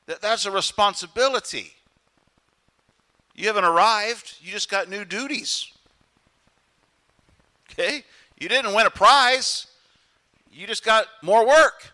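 A man preaching to his congregation with a bright, clear voice that sits a little high for a man. He is earnest and direct, and he acts out quoted lines in funny voices. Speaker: pastor. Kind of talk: sermon.

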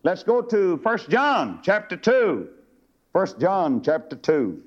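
A man's voice: huge pitch swings, slow pace. Preacher guy, voice jumps all over the place, dull lo-fi old tape. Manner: swings from low murmurs to high shouting bursts. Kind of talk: fiery old-time sermon. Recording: lo-fi old sermon recording.

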